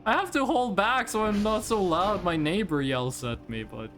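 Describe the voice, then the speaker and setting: With faint music in the background, a streamer from Norway talks in an expressive mid-range voice at normal speed. This native Norwegian speaker keeps the live-stream chat casual, joking with viewers, laughing, and reacting loudly while gaming.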